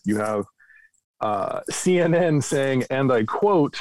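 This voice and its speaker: A man co-hosting a casual podcast, recapping the news in a relaxed, conversational way. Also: medium pitch, moderate pace, no echo, low-quality recording. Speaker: podcast co-host.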